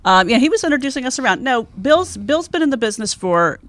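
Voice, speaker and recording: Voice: high voice, big pitch swings, fast, fairly bright tone. A comic shop co-host chatting casually and upbeat, often humming agreement. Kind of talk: casual podcast chat.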